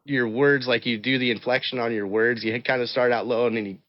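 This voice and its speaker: A man's voice: medium pitch, steady tone, fairly quick, dry recording, lo-fi sound. A man hosting a podcast, asking long, rambling, enthusiastic questions in casual chat. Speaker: podcast host.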